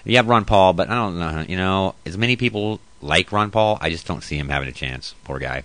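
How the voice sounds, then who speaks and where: A man's voice: low voice, expressive, brisk, a bit bright, no echo. A man hosting a casual commentary show who reads news aloud and then rants about it, profane and blunt. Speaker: host.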